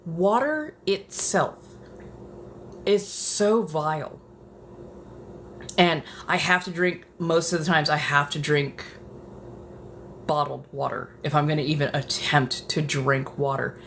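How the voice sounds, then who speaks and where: Her voice sits low with a fairly bright tone, and she takes things slowly with long pauses, over slight background noise. She's an ASMR streamer chatting casually in her apartment, swearing, getting dramatic, and occasionally whispering.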